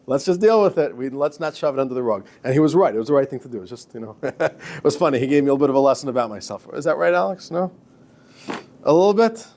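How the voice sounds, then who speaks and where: Chatty rabbi lecturing a class. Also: male voice, medium pitch, quick pace. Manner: lively, chatty, repeats words, laughs at own stories. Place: classroom with students.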